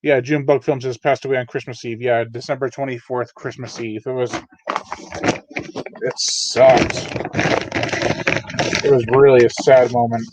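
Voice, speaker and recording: A man's voice: mid-range voice, little pitch movement, unhurried, long pauses, noisy background. A man hosting a live unboxing stream, casually reading chat messages aloud and chatting with many fillers. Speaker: channel host. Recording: dull, lo-fi dry home mic.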